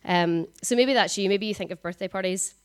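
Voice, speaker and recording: A woman, giving a conversational sermon at a church service, talking fast with frequent ums. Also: mid-range voice, clear, resonant tone. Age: 20s. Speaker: preacher.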